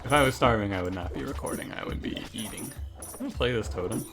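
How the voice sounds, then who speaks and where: A man's voice: fairly low pitch, lively intonation, quick pace. Rambling, jokey male gaming commentator. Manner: rambling, jokey, self-interrupting. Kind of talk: casual gameplay commentary. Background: background music.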